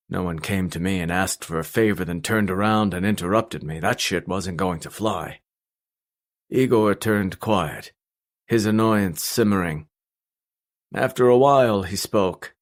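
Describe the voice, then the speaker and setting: A man reading a first-person audiobook in a blunt, steady storytelling manner. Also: low-pitched, a little slow. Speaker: audiobook narrator.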